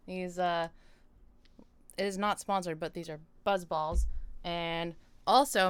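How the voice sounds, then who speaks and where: A woman's voice: lowish voice, slow, clean tone, dry recording. Giggly woman reacting on a stream. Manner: giggly, reacting incredulously to a video. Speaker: co-host, host's wife. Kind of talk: casual live-stream chat.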